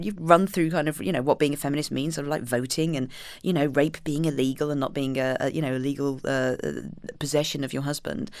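A woman's voice: low-pitched, no echo, studio quality. A woman, an author, talking in an exuberant, comic, emphatic way as a guest on a radio interview. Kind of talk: animated interview and book reading.

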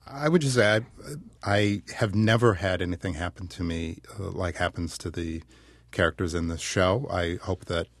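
Male writer guest, low voice, earnest, dry studio sound. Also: normal speed, no room sound. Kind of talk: interview answer.

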